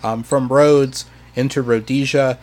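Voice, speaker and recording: A man's voice: medium pitch, fairly even intonation, unhurried, darkish tone. A man explaining history on a podcast in a hesitant, casual way, full of ums and restarts. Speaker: history presenter.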